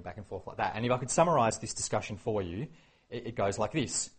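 A man preaching a sermon, animated and acting out the quoted exchanges. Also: fairly low pitch, fast talker, slightly rough. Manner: animated, acts out quoted exchanges, many fillers.

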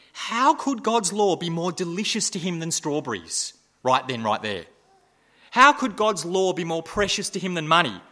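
A man with a fairly high-pitched voice preaches a sermon, firing off repeated rhetorical questions. He swings between loud emphasis and hushed asides.

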